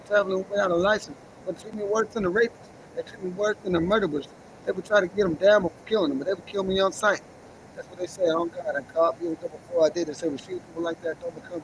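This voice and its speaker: A man with a high-pitched voice half-raps, half-rants on a livestream in an agitated, profane and defiant freestyle. The recording is rough, with slight background noise.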